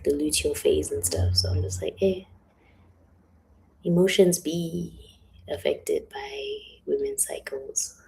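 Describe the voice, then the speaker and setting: A young woman chatting on a livestream, often slipping into hushed whispers, with a headache. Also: sits low, creaky, slight background noise, poor audio. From South Africa. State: has a headache. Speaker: author on a livestream. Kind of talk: casual livestream chat. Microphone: phone or webcam livestream.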